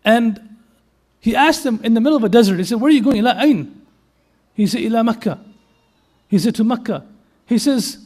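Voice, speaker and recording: A man with a strikingly high voice preaches a storytelling sermon. He tells stories animatedly and asks his listeners questions. He slips Arabic and Urdu phrases in between his sentences. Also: animated, a little fast, pauses often, a little mellow.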